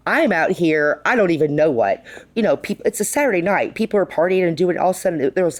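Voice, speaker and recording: Speaking quickly in a lowish voice, a middle-aged bar co-owner guests on a podcast, telling casual stories in the studio that are full of quoted dialogue. She's lively, performs the quotes, and uses "like" frequently.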